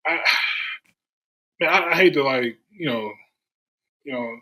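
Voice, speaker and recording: A man's voice: fairly high pitch, slow pace, poor audio. A man from Durham, North Carolina, a podcast guest telling stories in casual chat and acting out the voices of the people he quotes. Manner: animated storyteller, acts out quoted voices.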